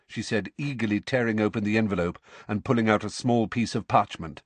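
A man reading a novel aloud as an audiobook narrator, expressive and storytelling. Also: fairly low pitch, brisk, few pauses, no room sound. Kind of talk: scripted narration.

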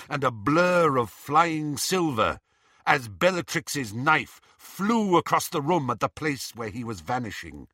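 Animated, dramatic male storyteller. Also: a little high, no room sound, clean studio sound. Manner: animated, dramatic reading with voices. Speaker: audiobook narrator. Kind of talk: storybook narration.

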